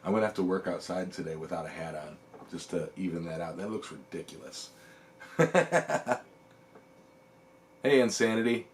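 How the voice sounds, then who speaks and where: A man hosting a casual livestream, relaxed and rambling, chuckling often as he reads the chat. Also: sits low, moderate pace, long pauses, a little hiss or hum. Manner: relaxed, rambling, lots of ums. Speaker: livestream host.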